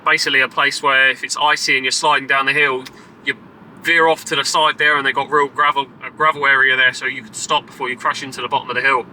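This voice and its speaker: A man chatting casually and excitedly to camera as a travel vlogger, driving and walking about. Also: medium pitch, quick pace, slight background noise, low-quality recording. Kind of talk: casual travel vlog chat. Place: in a car and outdoors.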